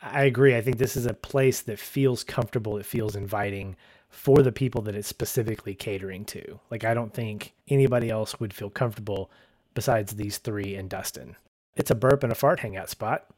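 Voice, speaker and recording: A man's voice: fairly low pitch, fairly quick, darkish tone, no room sound, studio quality. A man co-hosting a podcast, recapping a TV episode in a chatty, casual way, laughing often and acting out quotes. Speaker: podcast co-host.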